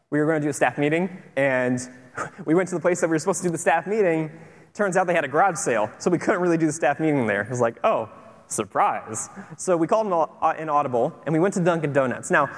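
A man preaching a sermon as a pastor, telling stories in an animated, conversational and earnest way. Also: fairly high pitch. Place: church sanctuary. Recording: long hall reverb with faint music.

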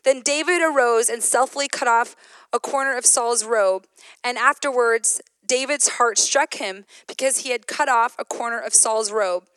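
A woman giving a sermon, mixing a personal story with scripture, animated and laughing often. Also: a little high, moderate pace, clear, resonant tone, no echo. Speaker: women's ministry speaker.

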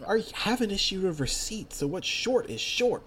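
A man's voice: high voice, lively intonation, normal speed, a bit bright, slight background noise, pitched above the performer's own voice. A man voicing a curt, dismissive male race clerk in a slightly raised, clipped voice.

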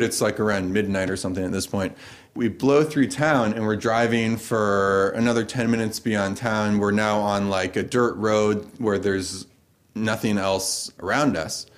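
Laughing American man telling a story. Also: fairly low pitch. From United States. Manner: casual, laughs through the funny parts. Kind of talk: personal story told live.

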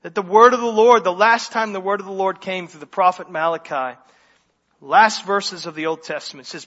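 A high, bright-voiced man preaching with emphatic, animated delivery and casual asides. His voice carries a long reverb, as if he were in a large church, and the sound is slightly muffled. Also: a little fast. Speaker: pastor. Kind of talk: sermon.

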